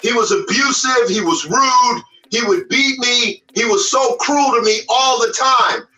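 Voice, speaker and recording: A man putting on a tender older mother who pleads softly with her grown son. His voice is high and bright, and it sounds echoey and distant over faint music. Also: a little slow, full character voice. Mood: pleading. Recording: echoey room, far from mic, faint music.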